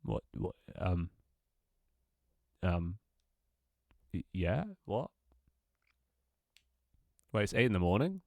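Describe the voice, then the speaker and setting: His voice sits low and gravelly, and although he takes it slowly and pauses often, this congested-sounding man is very animated while streaming his game development live. He rambles, jokes, mocks himself, and swears casually. No echo is heard.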